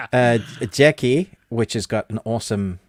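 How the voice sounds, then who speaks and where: A man's voice: medium pitch, dry recording, clean studio sound. A man co-hosting a podcast, chatting enthusiastically and reading out viewer comments. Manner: chatty and enthusiastic, with frequent laughs. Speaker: podcast co-host.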